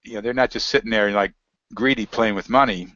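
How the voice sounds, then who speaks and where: A man's voice: lowish voice, fairly even intonation, fairly quick, sharp tone. A man talking casually as an interview guest, rambling and reading aloud from web pages. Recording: dry, dull lo-fi audio.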